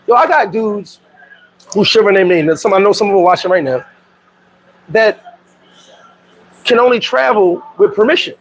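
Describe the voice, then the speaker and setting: A middle-aged man from New York in a casual livestream. He talks in animated street slang, laughs often and reads out viewer comments. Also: high voice, normal speed, long pauses, slight background noise, poor audio. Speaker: vlogger.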